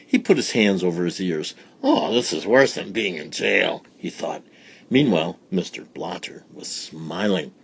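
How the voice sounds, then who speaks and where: A man reading a children's story aloud in a playful, expressive way. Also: low-pitched, measured pace, gravelly, slightly rough.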